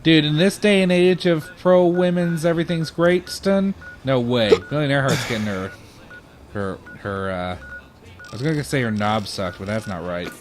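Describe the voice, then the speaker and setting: A young man in casual gameplay banter, laid-back but always ready to argue a point. His pitch sits in the middle range for a man. Game music plays clearly behind his voice. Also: moderate pace. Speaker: let's play co-host.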